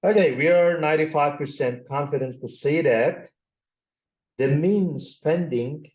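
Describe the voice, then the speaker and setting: A man with a Turkish accent giving a university statistics lecture, slowly reading out numbers and repeating himself. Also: a little high, a little mellow. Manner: slow, repetitive, reading out numbers. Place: classroom. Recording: echoey classroom.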